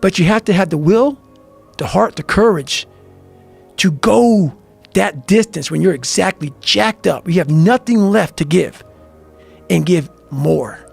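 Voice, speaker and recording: Intense motivational talker, man, high-pitched and raspy, curses a lot, music bed behind. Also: animated, unhurried. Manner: profane, fiery, emphatic. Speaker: guest.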